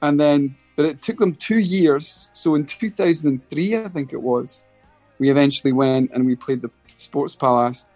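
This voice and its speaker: A man's voice: fairly high pitch, moderate pace, darkish tone, no echo, faint music behind. A middle-aged Scottish man telling a rambling story as a guest in a casual interview, often restarting his sentences. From Scotland. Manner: rambling, full of restarts and acted quotes. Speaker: guest musician.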